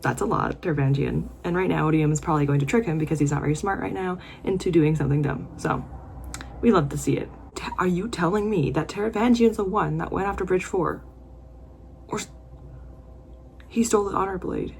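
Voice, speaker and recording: Young woman, book vlogger, emotional and gushing, lowish voice, faint background hiss. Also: a little fast, gravelly, darkish tone. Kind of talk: reading vlog commentary.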